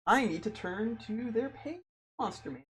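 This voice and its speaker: A man acting as dungeon master, patiently explaining the rules to his players and quick to laugh. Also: sits high, lively intonation, breathy edge. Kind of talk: running a tabletop game.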